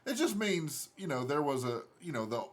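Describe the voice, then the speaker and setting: A man's voice: fairly high pitch, big pitch swings, normal speed. A man hosting a casual interview who asks meandering questions with many restarts. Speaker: interview host.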